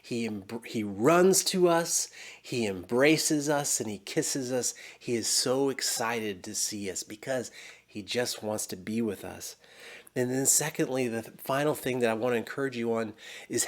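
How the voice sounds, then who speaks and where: A man preaching a sermon in an earnest way, acting out the quoted lines and sinking to a soft hush as he appeals to listeners. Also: mid-range voice, measured pace. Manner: earnest, animated when quoting, drops to a soft hush near the end.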